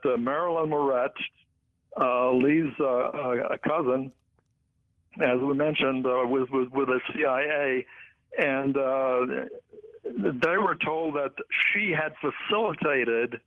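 A man who is a guest author, talking in a halting way with many filler sounds. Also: on the high side. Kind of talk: phone interview. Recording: tinny phone line.

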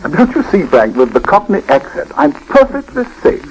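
An actor with an upper-class London English accent playing a scheming, cheerfully bossy gentleman in a 1940s radio comedy, chuckling and fussing as he gives orders. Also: sits high, huge pitch swings, moderate pace, vocal fry, slight background noise, heavily acted, rough recording. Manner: chuckling, fussy, talks over the other man.

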